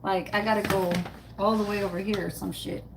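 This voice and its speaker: A woman's voice: mid-range voice, little pitch movement, fairly quick, vocal fry, very noisy. A woman hosting a casual cooking livestream at home, chatting with her viewers while she cooks and swearing now and then. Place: home kitchen, then outdoors.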